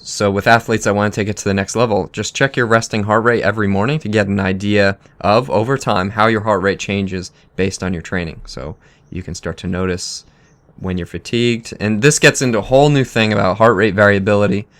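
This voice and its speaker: A man with a lowish voice co-hosts a casual coaching podcast. He explains things step by step and drops in dry jokes along the way. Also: fairly even intonation, brisk, a bit bright. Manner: dry joking asides between plain explanations. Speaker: podcast co-host.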